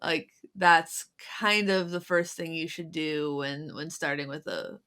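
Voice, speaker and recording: A woman co-hosting a music podcast in casual chat, frank and quick to laugh, giving blunt advice. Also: deep voice, pushed and bright. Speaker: podcast co-host.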